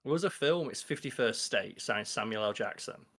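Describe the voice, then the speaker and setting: A man's voice: on the low side, animated, fairly quick, fairly bright tone. Scouse man telling jokey stories. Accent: Liverpool (Scouse). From England. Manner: jokey, rambling storyteller. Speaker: podcast co-host. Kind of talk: casual podcast chat.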